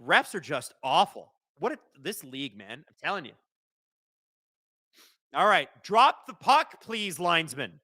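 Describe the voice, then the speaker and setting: High, bright-voiced hockey streamer. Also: male voice, no room sound, clean studio sound. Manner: excitable, shouts and swears at the referees; fast play-by-play calling. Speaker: live stream host watching a hockey game. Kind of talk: live watch-along commentary.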